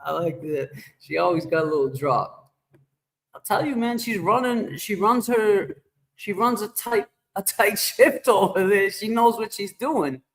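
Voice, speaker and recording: A fairly high-voiced man rambles and jokes through a casual livestream, answering his chat as he goes. His voice carries a big shower-like echo effect. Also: a little slow, a bit bright. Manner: rambling, joking, talks back to chat. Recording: echoey reverb effect on voice.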